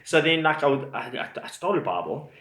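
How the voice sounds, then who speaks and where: A man's voice: fairly high pitch, fast talker. Man, rambling storyteller, casual vlog, echoey room, lots of um and like. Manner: rambling, animated, many fillers. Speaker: vlogger telling his testimony.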